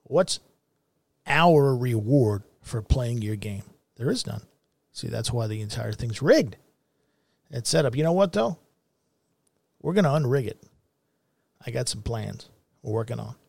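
A man's voice: mid-range voice, lively intonation, measured pace, gravelly, darkish tone, no room sound. A middle-aged man hosting a commentary show, ranting in a blunt, profane and heated way. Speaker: show host.

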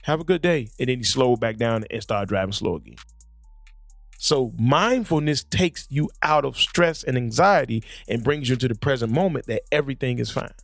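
A man's voice: mid-range voice, normal speed, vocal fry, a bit bright, no echo, soft background music. A man hosting a podcast, animatedly telling stories in casual chat at a studio microphone, often repeating words as he starts sentences. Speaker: podcast host. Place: studio, sitting across from a guest.

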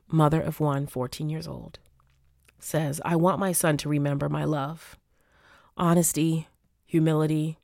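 Low-voiced woman podcaster, heartfelt. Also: dry recording, studio quality. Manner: heartfelt, reflective, reading listener answers aloud. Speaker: podcast host. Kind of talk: solo podcast reading survey answers.

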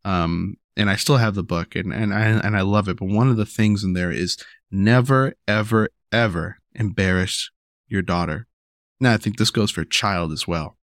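A young father talks loosely about raising his daughter, circling back and repeating himself as he goes. His voice sits low, with a dry, close sound and no room around it. When he acts out what he says to her, his voice climbs higher. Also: moderate pace, no echo. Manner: rambling, repeats words and restarts, many "you know" and "right?"; rises in pitch when acting out talking to his daughter. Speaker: father sharing parenting advice. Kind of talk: casual monologue to camera.

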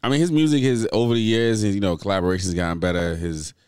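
A man's voice: on the low side, steady tone, quick pace, a little mellow, smooth, no room sound, clean studio sound. A man in casual chat, blunt and opinionated, swearing freely.

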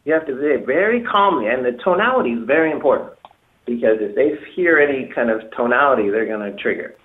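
A man's voice: mid-range voice, lively intonation, fast talker. Man coaching over a tinny echoey line. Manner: emphatic, repeats himself, acts out example phrases. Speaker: dating coach. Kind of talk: advice on a call-in talk show. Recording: echoey, tinny phone-like sound.

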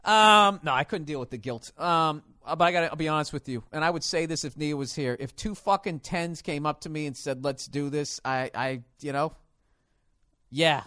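A man hosting a podcast, telling a crude story in casual chat, cursing freely and now and then bursting into loud mock shouts. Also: on the high side, normal speed, dry recording, clean studio sound. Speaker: podcast host.

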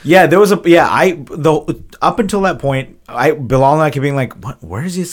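A man's voice: on the high side, fairly quick. A man co-hosting a podcast, casually recapping a movie scene by scene and laughing often. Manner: relaxed, laughs often, acts out quotes in voices. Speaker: podcast co-host. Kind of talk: casual chat recapping a film.

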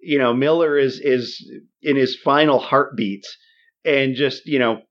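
A man talking through a movie scene by scene in a casual podcast chat. He stumbles and restarts often, then speeds up and lifts his voice when the action peaks. The audio sounds a little dull and lo-fi. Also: medium pitch. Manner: halting, many restarts and fillers, animated retelling. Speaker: podcast co-host.

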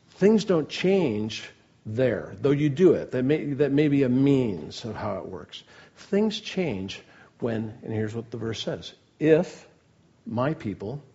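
A man's voice: mid-range voice, darkish tone. Earnest man preaching, lo-fi sound. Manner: earnest, asks the audience questions, builds emphasis on key words. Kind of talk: sermon.

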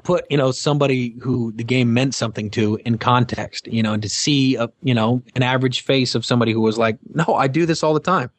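A man's voice: mid-range voice, fairly even intonation, brisk, hardly any pauses, dry recording. Rambling middle-aged man, dry sound. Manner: rambling, many fillers and restarts. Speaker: guest, former game show host. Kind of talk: casual interview anecdote.

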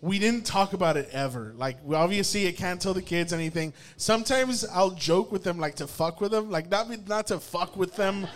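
A young man telling a story casually, animated and swearing, laughing often and restarting his sentences. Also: high-pitched, moderate pace, hardly any pauses.

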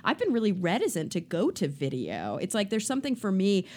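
A woman with a Californian accent and vocal fry, hosting a science podcast in chatty conversation. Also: mid-range voice, brisk. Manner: chatty, laughing, animated. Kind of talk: casual chat.

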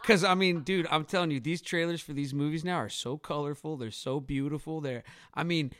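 A man in his thirties co-hosting a podcast, joking and animated in casual chat about parenting and movies. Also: fairly high pitch, brisk, no echo, clean studio sound. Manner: animated, joking, laughs often. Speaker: podcast co-host.

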